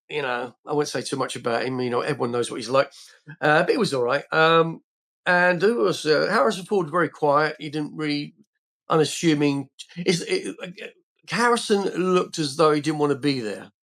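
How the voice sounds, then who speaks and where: An older Englishman appears as a podcast guest, spinning rambling anecdotes casually with plenty of fillers and restarts. His voice is on the high side with a fairly bright tone.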